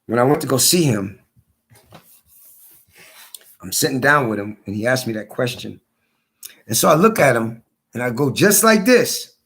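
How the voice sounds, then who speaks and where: A hoarse man telling his story in a casual monologue, repeating his points for emphasis. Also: mid-range voice, expressive, normal speed, long pauses, fairly bright tone. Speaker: vlogger.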